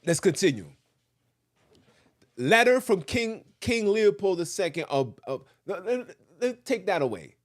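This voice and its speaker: A man hosting a podcast, ranting and joking, looping back over the same phrases. His fairly high voice jumps all over the place, as he mixes comment with reading a letter aloud. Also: measured pace. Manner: animated, ranting, repeats phrases, jokes. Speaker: podcast host.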